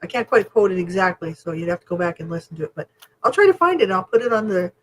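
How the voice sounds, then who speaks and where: A woman co-hosting a podcast, telling stories in a casual chat, openly emotional and animated, acting out what others said. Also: on the low side, fast, a little hiss or hum, low-quality recording. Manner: emotional, animated storytelling with quoted voices. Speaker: podcast co-host.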